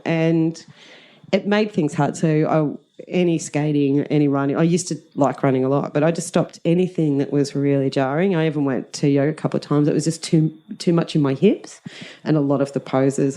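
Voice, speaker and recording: This is a middle-aged woman, chatting as a guest. Her voice sits low and mellow. She tells stories in an animated way, laughing often and acting out what people said. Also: normal speed. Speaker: guest, drama teacher. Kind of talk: casual storytelling chat.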